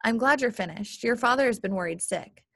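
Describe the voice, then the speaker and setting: A woman's voice: fairly high pitch, expressive, fairly quick, vocal fry, a bit bright, no echo, clean studio sound, exaggerated voice. A woman voicing an anxious, critical stepmother who scolds sharply. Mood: prim.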